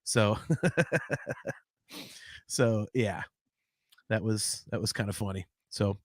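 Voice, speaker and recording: A man in his forties, co-hosting a podcast, who tells family stories in a lively, laughing way and reads out chat comments. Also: lowish voice, extremely slow, dry recording, clean studio sound. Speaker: podcast co-host.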